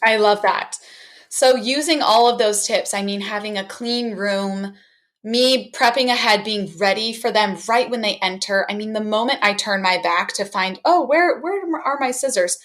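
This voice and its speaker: A woman's voice: mid-range voice, steady tone, normal speed, fairly bright tone. A woman who teaches art, a guest in a casual podcast interview, talking expressively and slipping into classroom voices as she explains.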